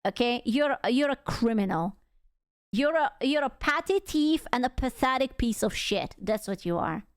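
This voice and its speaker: A woman's voice: fairly high pitch, lively intonation, normal speed, smooth. A woman streamer giving casual reaction commentary, ranting in a heated, profane way because she is upset. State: angry and upset.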